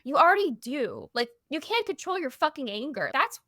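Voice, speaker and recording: A woman co-hosting a casual book podcast, venting with heat and cursing. Her voice sits a touch higher than usual for a woman. The sound is dry and close. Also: big pitch swings, moderate pace, sharp tone, no echo. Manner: heated venting, swearing. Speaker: podcast co-host.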